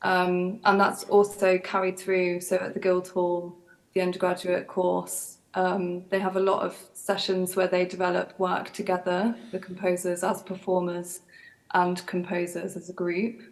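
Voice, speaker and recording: A young woman composer answering on a panel, hesitant and with many pauses. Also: on the low side, completely flat delivery, rough recording.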